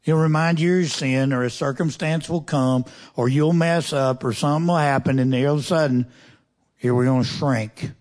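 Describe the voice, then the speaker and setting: A man reads scripture during a sermon, then turns to the congregation with pointed questions and folksy, conversational remarks. He speaks at normal speed with a medium pitch, fairly even intonation, and a slightly mellow tone.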